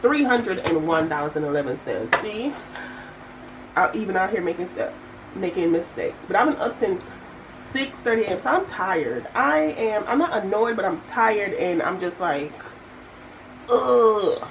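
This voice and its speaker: A woman's voice: mid-range voice, normal speed, slight background noise, low-quality recording. Chatty young woman vlogging her budget. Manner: animated storytelling, chatty asides to viewers. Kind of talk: casual chat while budgeting.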